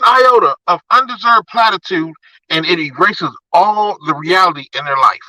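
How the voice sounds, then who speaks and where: A man ranting in a casual chat, exasperated and animated. His voice is high and bright, recorded dry with no room sound. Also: normal speed, no echo, poor audio.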